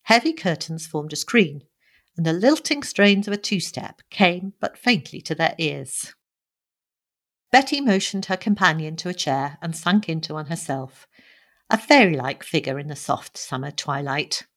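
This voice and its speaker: A woman narrating a novel in an even, measured reading style. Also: low voice. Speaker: audiobook narrator. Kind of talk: scripted narration.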